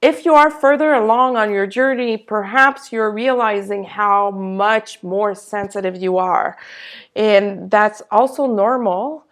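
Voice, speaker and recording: A woman's voice: mid-range voice, slow pace. A woman channeling a spiritual energy update, speaking in a reassuring way and sometimes searching for her words.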